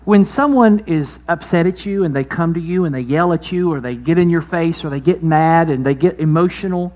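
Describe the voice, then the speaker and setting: High-voiced man preaching a sermon. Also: brisk. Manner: preaching, voice swelling loud then dropping soft; rhetorical questions to the congregation. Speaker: pastor.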